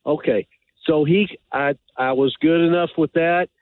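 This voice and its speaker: A man calling in to a talk show, telling his story in a halting, rambling way with many fillers. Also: a little high, fairly even intonation, no room sound. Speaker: caller. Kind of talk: phone-in call. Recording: tinny phone line.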